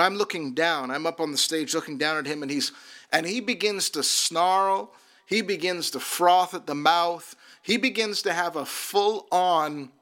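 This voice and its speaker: A minister shares his personal testimony earnestly in a slightly high voice with a sharp tone. He often repeats words as he restarts his sentences.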